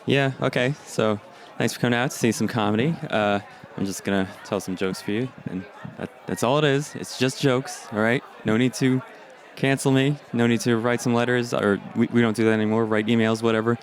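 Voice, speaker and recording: A man's voice: mid-range voice, steady tone, a little fast, hardly any pauses. A man starting a stand-up set, hesitant and mock-defensive. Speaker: stand-up comedian. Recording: faint outdoor street noise.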